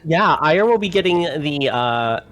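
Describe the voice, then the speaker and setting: Man player, unhurried and hesitant, casual. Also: on the high side, expressive, a bit bright. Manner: hesitant, lots of ums. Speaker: tabletop player. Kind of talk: casual play chat.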